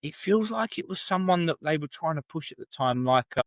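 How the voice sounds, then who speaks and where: A man's voice: on the high side, lively intonation, a little fast, no echo. A man from England co-hosting a wrestling podcast, chatty and enthusiastic in casual conversation. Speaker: podcast co-host. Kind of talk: casual chat.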